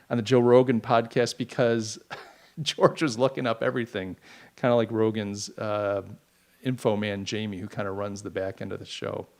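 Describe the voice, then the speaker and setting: A middle-aged man hosting a podcast, talking in a rambling, animated monologue with mocking asides. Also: medium pitch. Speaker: podcast host. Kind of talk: casual opinion monologue.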